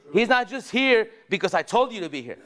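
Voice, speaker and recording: A man leading a sales training session at a dealership, energetic and rallying, firing questions at the staff in the room. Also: high-pitched, fast.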